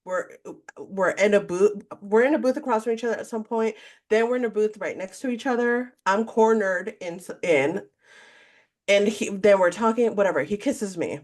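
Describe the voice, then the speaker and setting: A woman's voice: mid-range voice, moderate pace. A woman co-hosting a podcast, telling a candid story in casual chat and acting out what people said. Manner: candid, animated storytelling, acts out quotes. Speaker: podcast co-host.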